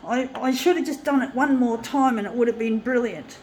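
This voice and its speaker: A woman's voice: a little high, a little fast, a little mellow, slight background noise. A woman artist rambling to camera, upset and shaky on the verge of tears, self-critical and repeating herself. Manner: self-critical, repetitive, keeps saying folks.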